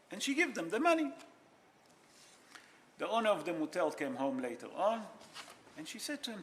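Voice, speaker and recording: Lively high-voiced rabbi telling a story. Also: male voice, normal speed, long pauses, slight background noise. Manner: animated, mixes Hebrew and Yiddish terms, non-native grammar. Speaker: rabbi teaching a class. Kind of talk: informal Torah class storytelling.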